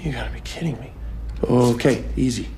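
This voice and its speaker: A man's voice: mid-range voice, fairly quick, warm tone, close to an everyday voice. An actor playing a frightened young man held at gunpoint, nervous and stammering. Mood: scared. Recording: noisy TV clip.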